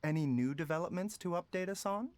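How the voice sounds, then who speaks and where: A man voicing a calm, courteous doctor in a video game, overly polite in a way that sounds sarcastic. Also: high voice, quick pace, slight background noise, natural voice.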